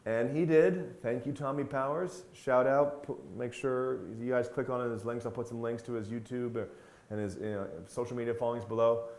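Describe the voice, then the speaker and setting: A man hosting a casual talk to camera, telling stories with big swings in pitch and loudness and swearing bluntly now and then. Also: steady tone, moderate pace, echoey room. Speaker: host.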